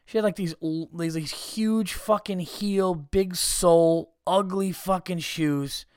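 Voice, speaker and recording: Brief: male podcast host, higher-pitched voice, swears a lot, exasperated rant, dry close mic. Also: steady tone, slow, smooth, no room sound. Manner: profane, exasperated, mocking. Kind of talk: comic storytelling rant.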